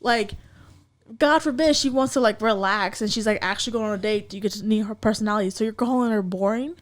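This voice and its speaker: A woman's voice: mid-range voice, fast. A woman co-hosting a casual podcast chat, telling a story animatedly with lots of fillers and acted-out quotes. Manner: animated storytelling, acts out voices, many fillers. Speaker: podcast co-host.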